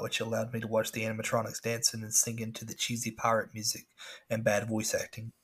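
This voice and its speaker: A man's voice: on the low side, monotone, fast talker, fairly bright tone, a little hiss or hum. A man reading a scary story aloud as a podcast host, with casual asides.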